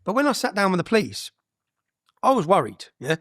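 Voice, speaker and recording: A man's voice: high-pitched, big pitch swings, brisk, fairly bright tone, dry recording, clean studio sound. A man, a guest on an interview podcast, telling his story bluntly and with energy, with frequent "yeah?" tags and some swearing.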